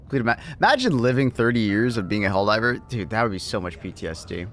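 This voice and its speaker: A man chatting casually on a livestream, laughing often and thanking viewers excitedly. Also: fairly low pitch, fast. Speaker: streamer.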